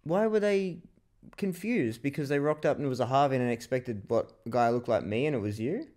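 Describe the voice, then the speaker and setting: Podcast dude, mid pitch, dry teasing jokes. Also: male voice, expressive, brisk, darkish tone. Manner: wry, teasing banter. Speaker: podcast co-host. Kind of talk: casual comedic chat.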